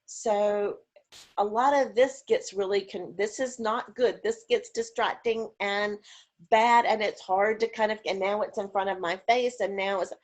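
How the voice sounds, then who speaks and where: A woman speaking over a video call at a middle pitch. She talks informally about caregiving, chatty and full of fillers. She stops now and then to act out little vocal examples. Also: steady tone, a little slow. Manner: demonstrative, acts out voice examples.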